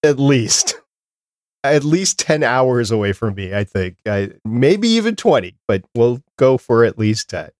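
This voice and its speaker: A man's voice: medium pitch, sing-song, a little slow, a little mellow, dry recording, clean studio sound. A man hosting a podcast in casual chat, reading out dates and lists in a talkative way. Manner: chatty, reads out dates and lists. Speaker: podcast host.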